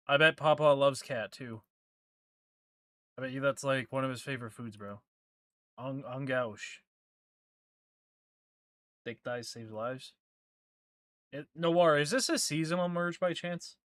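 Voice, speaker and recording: A man's voice: medium pitch, unhurried, pauses often, a bit bright, no echo, studio quality. Crude, joking male game streamer. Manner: crude, joking banter with chat. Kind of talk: casual gaming stream chat.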